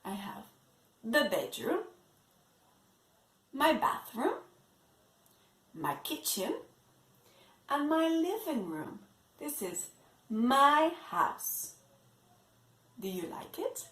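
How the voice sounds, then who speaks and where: A woman teaching English to young children in an online lesson, slowly repeating words for them to copy. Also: high voice, very animated, a bit bright. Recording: echoey room.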